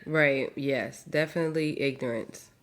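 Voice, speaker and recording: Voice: medium pitch, moderate pace, fairly bright tone. A podcast host asking questions in a casual interview, with encouraging short replies.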